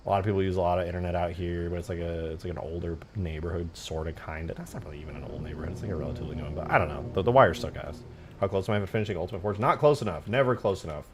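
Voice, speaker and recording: A man's voice: low-pitched, rapid-fire, slight background noise. A man in his twenties chatting casually on a live stream, rambling and swearing through slangy stories. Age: 20s. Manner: rambling, profane storytelling with slang.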